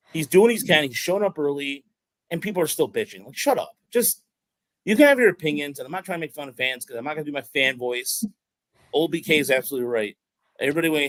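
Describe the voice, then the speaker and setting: A man's voice: a little high, no room sound, rough recording. A man hosting a sports podcast, talking casually and ranting with exasperation and lots of restarts. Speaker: podcast host.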